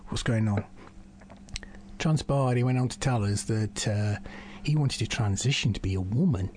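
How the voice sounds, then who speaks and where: A man's voice: fairly low pitch, normal speed, darkish tone. A man with a southern English accent rambles through a recorded call-in message, swearing casually as he goes. Faint background noise sits under his voice. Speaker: caller.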